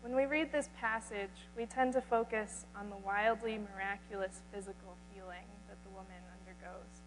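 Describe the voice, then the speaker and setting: A young adult woman, a seminary student, preaching a reflective sermon in a chapel and lingering on repeated phrases. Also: medium pitch. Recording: reverberant sanctuary, faint mains hum.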